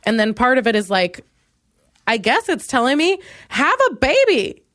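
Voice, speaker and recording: This twenty-something woman from Minnesota speaks in a sing-song voice at normal speed, recorded in the studio with no room sound. Hosting her comedy podcast alone, she rambles and puts herself down, dropping into mumbles and then breaking out loudly.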